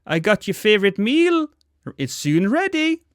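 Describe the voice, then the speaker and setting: A shrill sing-song monster mom. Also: female voice, very animated, measured pace, no room sound, studio quality. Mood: chipper. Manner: high sing-song sweetness. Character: monstrous mother, falsely chipper, murderous.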